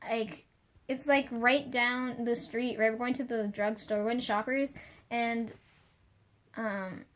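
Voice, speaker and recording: A woman's voice: on the high side, steady tone, slow pace. Young woman ranting, rambling and swearing. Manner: rambling, heavy swearing, many fillers. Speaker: vlogger. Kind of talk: casual confessional rant.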